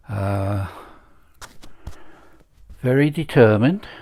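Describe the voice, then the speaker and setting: An older man in his seventies muses aloud in a loose, rambling monologue. His voice sits fairly low and he takes his time, pausing on fillers and landing dry, wry asides. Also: vocal fry, darkish tone, husky. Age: 70s. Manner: halting, dry wry humor, many fillers. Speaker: vlogger.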